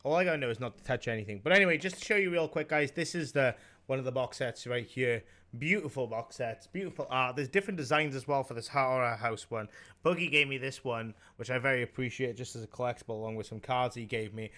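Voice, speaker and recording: A relaxed man co-hosting a loose live stream. His voice sits at an ordinary pitch. He talks through a webcam call, rambling and cursing, and often leaves his sentences hanging. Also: fast talker. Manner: laid-back, swears freely, trails off mid-thought. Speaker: co-host. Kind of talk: casual live-stream chat.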